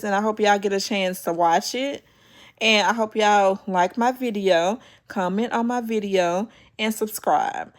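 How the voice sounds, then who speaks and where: A woman hosting her own channel, chatting casually as she retells a reality TV episode and acts out the quoted lines. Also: mid-range voice. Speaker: YouTube show host.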